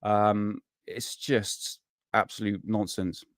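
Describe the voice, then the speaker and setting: A man's voice: lowish voice, little pitch movement, takes it slowly, dry recording, clean studio sound. A man hosting a casual live stream, rambling and swearing freely, worn out and burnt out, chatting to viewers. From United Kingdom.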